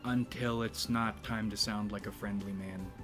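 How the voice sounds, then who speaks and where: A man hosting a YouTube channel in a rambling, casual monologue, speaking in a deliberately low register with a slight vibrato. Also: steady tone, over music. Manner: rambling, with frequent restarts and profanity.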